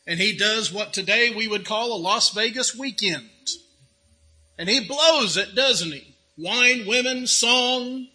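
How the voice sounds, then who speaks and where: Male pastor, sermon, rhetorical questions, joking asides, very high bright voice, slow delivery. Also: husky, poor audio.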